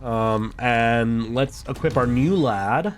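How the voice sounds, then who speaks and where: A man's voice: mid-range voice, slow pace, slight background noise. A man streaming a video game, giving casual let's-play commentary, chatty and thinking aloud, laughing at himself. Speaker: gaming streamer.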